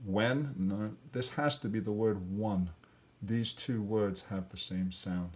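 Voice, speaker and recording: Man, teacher, lowish voice, step-by-step lesson, thinking aloud, fillers. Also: slow pace, a little mellow. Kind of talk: classroom lesson walkthrough.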